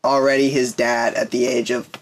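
A man's voice: medium pitch, flat delivery, normal speed, a loud crowd. A young man co-hosting a podcast, chatting in an easygoing, enthusiastic way. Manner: easygoing, enthusiastic, lots of fillers. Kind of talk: casual chat.

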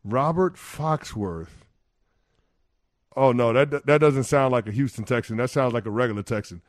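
A man co-hosting sports talk radio, animated and playfully indignant during a quiz game, close to a studio mic. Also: medium pitch, moderate pace, dry recording. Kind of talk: casual sports radio banter.

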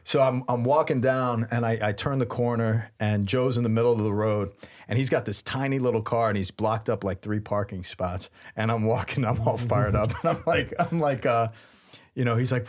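A man in his thirties, a priest and podcast co-host, telling a story in a lively, laughing way. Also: mid-range voice, normal speed. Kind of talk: casual storytelling chat.

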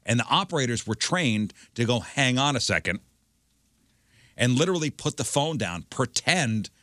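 A man's voice: medium pitch, lively intonation, normal speed, a bit bright, no echo, clean studio sound. A man co-hosting a radio show, animatedly recounting what he read and watched. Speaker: radio co-host. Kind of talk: casual chat.

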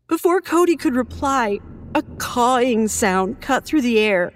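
A woman narrating a first-person horror story in an expressive, measured storytelling manner. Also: fairly high pitch, slight background noise.

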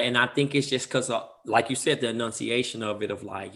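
A man with a Los Angeles accent hosting a podcast, relaxed and quick to laugh. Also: mid-range voice. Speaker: podcast host. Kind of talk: casual chat.

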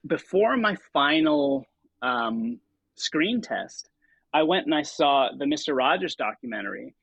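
A little slow and a little high, the voice comes from a man in his thirties who works in stage and TV, here an interview guest telling relaxed stories. Hesitant, with many fillers and restarts, he gets animated quoting himself. The audio is dry and muffled.

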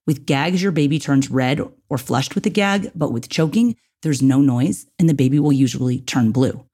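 A man's voice: medium pitch, moderate pace, dark tone, slightly rough. A man hosting an instructional podcast, talking directly to listeners in a coaching way and often checking in with "okay" and "right". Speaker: podcast host.

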